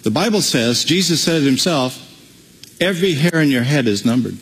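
A man preaching a sermon as pastor, animated, breaking into playful acted-out asides. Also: medium pitch, moderate pace, in a large hall, rough recording.

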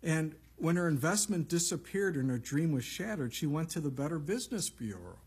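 A man's voice: on the high side, big pitch swings, fairly quick. A man preaching a sermon as a pastor, talking in a conversational way with frequent asides. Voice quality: very husky.

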